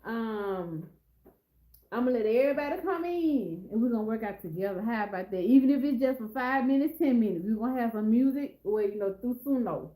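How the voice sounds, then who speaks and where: A middle-aged woman hosts a casual live stream, chatting and rambling as she talks straight to her viewers. Her voice sits a little high, with a warm, mellow tone. The sound carries a noticeable room echo. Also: expressive, fairly quick. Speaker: lifestyle vlogger hosting a live stream.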